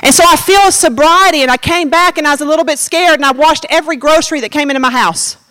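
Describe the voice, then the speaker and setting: A woman's voice: sits high, fast talker, pushed and bright, no room sound. A woman giving a personal testimony as a sermon, talking straight to the congregation in a conversational way. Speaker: preacher.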